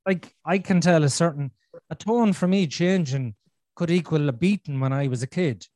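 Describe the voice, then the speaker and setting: A man's voice: on the high side, normal speed, a little mellow, dry recording. A man hosting a podcast, talking candidly and bluntly, swearing freely and repeating himself for emphasis. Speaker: podcast host. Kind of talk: candid conversational chat.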